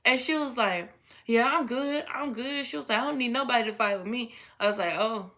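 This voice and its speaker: A young woman telling a casual storytime, blunt, profane and animated, full of slang and quoted dialogue. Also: fairly high pitch, brisk.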